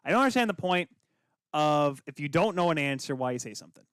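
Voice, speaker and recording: A man's voice: fairly high pitch, expressive, quick pace, clean tone, dry recording, clean studio sound. A young man co-hosting a podcast, rambling and joking between laughs. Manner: goofy, rambling, laughs a lot. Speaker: podcast co-host. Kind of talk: joking casual chat.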